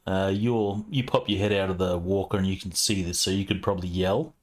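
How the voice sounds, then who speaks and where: A man with a very deep voice serves as game master for a tabletop session. He narrates in a relaxed, chatty way, with plenty of ums and loose phrasing. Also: a little fast. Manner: relaxed, conversational, with frequent fillers.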